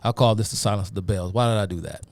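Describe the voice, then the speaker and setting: A man's voice: on the low side, racing, darkish tone. A man hosting a live stream, giving a rambling, casual lecture full of fillers and asides to his viewers. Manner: rambling, many fillers, addresses viewers as y'all. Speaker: host of a live talk stream.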